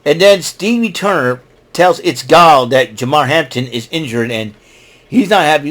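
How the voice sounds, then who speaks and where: A man's voice: on the high side, animated, moderate pace, fairly bright tone. A man hosting his own podcast, recapping a show in a casual, rambling, opinionated way, mocking the people he talks about. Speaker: podcast host.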